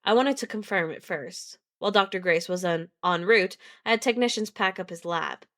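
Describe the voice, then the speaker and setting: A woman's voice: mid-range voice, moderate pace, fairly bright tone. A woman reading a novel aloud on a live stream, breaking off to chat casually, laugh and swear at her viewers. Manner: casual, swears and laughs between read passages.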